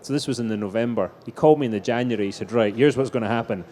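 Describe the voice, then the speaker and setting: Middle-aged guy on a live stage, mellow voice, rambling racing stories w restarts. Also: mid-range voice, very fast, slight background noise. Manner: anecdotal storytelling, frequent restarts. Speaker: racing driver guest.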